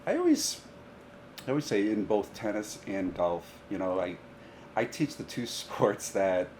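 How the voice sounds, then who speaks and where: A man with a very low voice tells stories in an animated, chatty way and laughs along with his own tales. The podcast recording has a clear layer of background noise behind him. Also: a little slow. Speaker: high school golf coach. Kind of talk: casual podcast storytelling.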